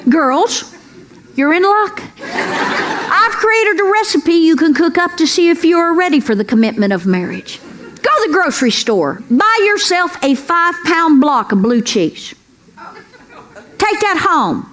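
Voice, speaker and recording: A woman's voice: very high-pitched, very animated, unhurried. A woman comedian doing a folksy, brassy stand-up routine with punchy punchlines on a club stage. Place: comedy club stage before a live audience. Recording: live club audio with crowd laughter and noise.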